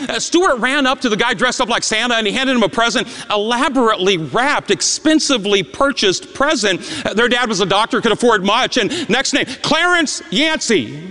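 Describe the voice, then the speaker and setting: A man preaching a sermon as an emotional story, stammering repeats and swinging between loud and hushed. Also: very high-pitched. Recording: long reverb in a large hall.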